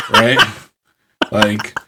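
A man co-hosting a podcast, joking in a relaxed way with lots of "like" and "I mean". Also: very slow, a little hiss or hum. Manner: relaxed, filler-heavy joking. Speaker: podcast co-host. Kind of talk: casual chat.

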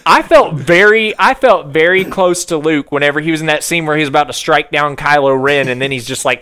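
A young man in casual chat, telling a story in an animated way and laughing often. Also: fairly high pitch, a little fast, hardly any pauses, clear, resonant tone.

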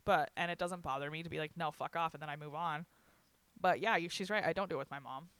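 Young adult spilling a story, bright crisp voice, swears and laughs a lot, dry close sound. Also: medium pitch, fast talker, dry recording. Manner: candid, swears, laughs often, quotes others with "I'm like". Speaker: guest recounting a hospital stay. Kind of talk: casual storytelling chat.

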